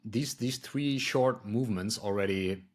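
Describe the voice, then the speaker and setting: A man's voice: lowish voice, a little slow. A man hosting a podcast interview, giving short affirming responses. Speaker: podcast host. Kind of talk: casual interview.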